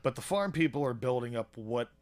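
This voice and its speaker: A man's voice: mid-range voice, expressive, a little fast, darkish tone. A man co-hosting a podcast, retelling a TV episode in a loose, chatty way, with many fillers and small chuckles. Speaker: podcast co-host. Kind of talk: casual episode recap chat.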